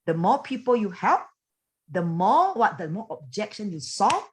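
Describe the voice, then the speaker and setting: A woman giving a motivational coaching talk over a video call, animated and chatty, full of fillers and quick laughs. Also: mid-range voice, slight background noise. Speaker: business coach and team leader.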